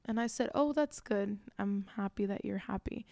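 A woman's voice: medium pitch, normal speed, mellow, no room sound. A woman in her twenties, a podcast host, telling a personal story in an earnest, reflective way with many casual fillers. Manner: earnest, reflective, frequent "like" and "you know".

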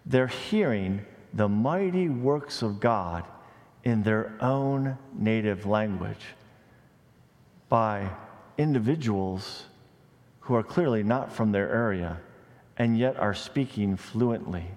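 A man preaching a sermon as a pastor, animated, with wide pitch swings, rising on questions and dropping low for emphasis, with conversational asides and light humor. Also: slow. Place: church sanctuary. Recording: long reverb of a large hall.

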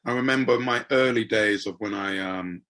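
A middle-aged man hosting a podcast, telling a personal story in an animated way. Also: fairly low pitch, normal speed. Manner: animated, acts out voices in anecdotes. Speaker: podcast host. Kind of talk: conversational storytelling.

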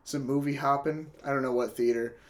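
A man's voice: medium pitch, fairly even intonation, brisk. Casual young man, swearing storyteller. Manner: loud, swearing, laughs often. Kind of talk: casual chat.

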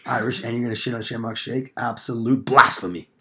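A man's voice: medium pitch, steady tone, fairly quick, sharp tone. A young man casually telling a rambling, profane story on a podcast, acting out quoted lines. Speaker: podcast co-host.

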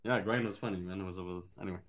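A man's voice: low voice, fairly even intonation, racing. A man as a podcast guest in casual chat, laid-back, trailing off and restarting his sentences.

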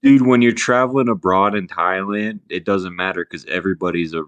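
A man's voice: low voice, fairly quick, fairly bright tone, clear, resonant tone. A man, a podcast co-host, insistently arguing his point in casual banter. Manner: insistent, keeps saying dude.

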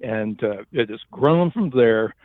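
A man's voice: medium pitch, lively intonation, slow, dry recording. Earnest Southern man on a phone line. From western North Carolina. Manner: earnest, laughs easily. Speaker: guest, ministry director. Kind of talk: casual interview talk.

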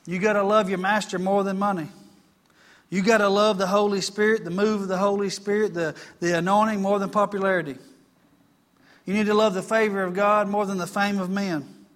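A man's voice: high voice, steady tone, moderate pace, fairly bright tone. A man preaching a folksy sermon, reading scripture aloud and asking the congregation for amens. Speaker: pastor.

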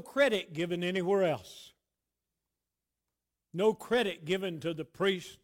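Slow, high-voiced preacher man. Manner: swells loud then drops to near whisper, drawn-out phrasing. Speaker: pastor. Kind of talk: sermon.

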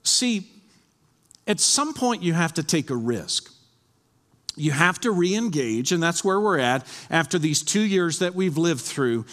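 Pastor, male, lively fairly high voice, earnest sermon delivery, long hall reverb. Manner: earnest preaching, reads scripture aloud.

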